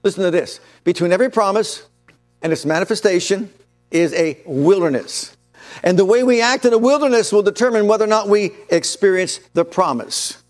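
A man preaching a sermon, reading scripture slowly and solemnly, then speeding up to press his points with urgency. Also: high-pitched, faint music behind. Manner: emphatic, swings between slow solemn reading and fast urgent preaching.

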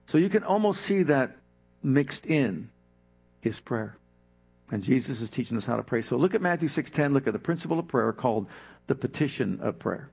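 A man preaching a sermon, emphatic, with dramatic pauses and prayers acted out in his own voice. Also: medium pitch, lively intonation, vocal fry, darkish tone, breathy edge. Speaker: pastor.

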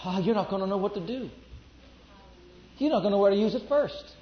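Lively intonation and a slightly fast delivery mark this high-voiced man as he preaches to a congregation in church. He is emphatic and keeps repeating his declarations; the audio is lo-fi, dull and full of echo.

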